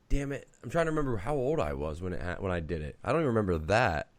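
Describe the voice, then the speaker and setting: A man's voice: lowish voice, sing-song, fast talker, dry recording. A man co-hosting a podcast, telling a story with hesitations and restarts. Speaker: podcast co-host. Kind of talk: casual storytelling.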